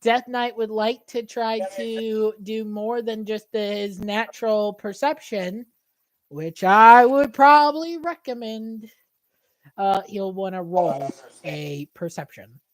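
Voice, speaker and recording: A woman game master narrates a tabletop session in a slow, unhurried way. Her pitch swings widely as she describes the scene, often stopping to restart a phrase. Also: expressive. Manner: halting, restarts while describing.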